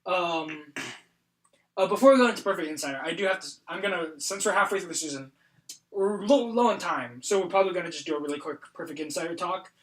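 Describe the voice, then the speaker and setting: A man's voice: sits high, fast. A young man hosting a podcast, retelling scenes with lots of fillers in casual chat. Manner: animated retelling, many fillers. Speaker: podcast host. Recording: roomy echo.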